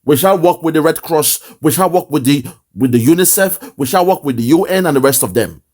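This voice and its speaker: A man's voice: a little high, lively intonation, brisk, a little mellow. A man with a Nigerian accent hosting impassioned online political commentary, fiery and mocking, often breaking into laughter.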